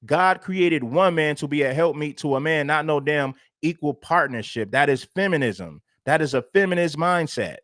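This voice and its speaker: A man's voice: a little high, expressive, moderate pace, few pauses, a bit bright, no room sound, studio quality. A male livestream host giving emphatic, preachy, repetitive commentary. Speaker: show host.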